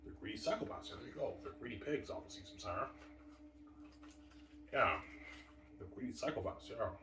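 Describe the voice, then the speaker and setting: A man's voice: fairly low pitch, expressive, normal speed, noisy background. A man ranting in a rambling, profane, aggrieved solo monologue. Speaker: vlogger. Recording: echoey room, far from mic.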